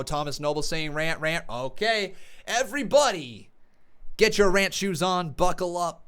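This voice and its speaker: A man's voice: a little high, fairly bright tone. A man hosting a live call-in stream, chatty and friendly, laughing easily with callers. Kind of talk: casual call-in chat.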